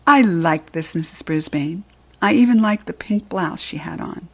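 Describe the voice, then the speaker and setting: Expressive woman reading a storybook aloud. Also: on the low side, normal speed, husky. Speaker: storybook reader. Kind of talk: storybook narration, first person.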